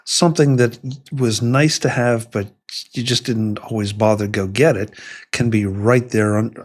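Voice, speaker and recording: A man with a somewhat low voice hosts a relaxed tech conversation. He speaks in a measured, thoughtful way, with small restarts as he shapes his points. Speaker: podcast host.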